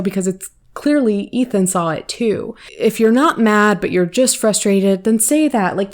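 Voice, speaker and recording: A woman hosting a commentary vlog, giving her opinions in a measured, reflective way. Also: lowish voice, darkish tone. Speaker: commentary channel host.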